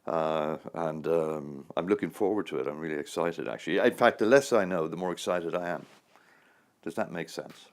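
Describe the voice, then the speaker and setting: A man's voice: extremely low pitch, normal speed. A man in his sixties, an actor, answering interview questions in a rambling, anecdotal way with frequent chuckles. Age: 60s.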